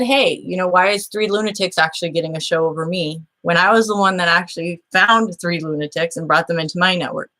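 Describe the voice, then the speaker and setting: A woman's voice: on the low side, fairly bright tone. A woman hosting her own show, recounting a dispute by reading old messages aloud, blunt, aggrieved and swearing freely. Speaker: show host.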